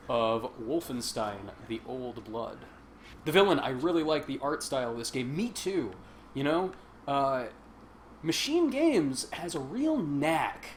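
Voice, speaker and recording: Chatty joking man streaming a game. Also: a little high. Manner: joking, chatty, laughs often. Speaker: stream host. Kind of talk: casual gameplay commentary. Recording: faint game noise behind. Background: game sound.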